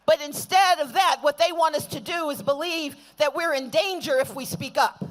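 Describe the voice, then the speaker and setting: A woman addressing an outdoor protest rally, building from steady argument to shouted call-and-response refrains. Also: high-pitched, normal speed. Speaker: rally speaker.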